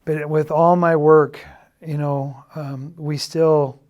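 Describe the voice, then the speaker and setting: A middle-aged man giving a halting, earnest confessional testimony, often dropping to a quiet, subdued tone. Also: a little high, flat delivery, muffled recording. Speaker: church member giving a personal testimony.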